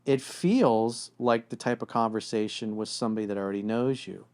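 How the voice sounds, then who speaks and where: A man's voice: lowish voice, moderate pace. A man giving relationship advice in a blunt, casual way, often acting out what partners say to each other. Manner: blunt, animated, acts out quoted voices. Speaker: relationship coach.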